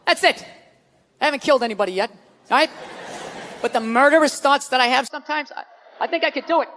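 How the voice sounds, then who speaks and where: A man doing a stand-up comedy set, profane and animated, slipping into mocking voices. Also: very high-pitched, fast, slight background noise. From United States. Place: large hall before a live audience. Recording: live stage recording in a reverberant hall with crowd.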